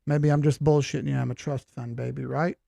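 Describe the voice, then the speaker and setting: Gravelly guy in his 40s going over crypto charts, folksy and rambly, dry close mic. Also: mid-range voice, level tone, brisk, mellow, dry recording. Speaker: crypto chart analyst host. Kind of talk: casual chart analysis talk.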